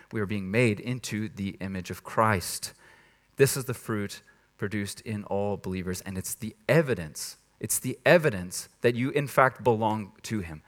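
Male pastor, mid-pitched, casual but emphatic pulpit delivery in a church. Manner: conversational, emphatic, laughs at himself. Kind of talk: sermon.

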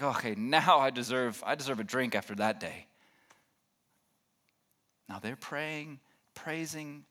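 Here the pastor's voice sits fairly high and sounds a bit bright as he delivers a conversational sermon, quizzing the congregation and playing out how they'd react.

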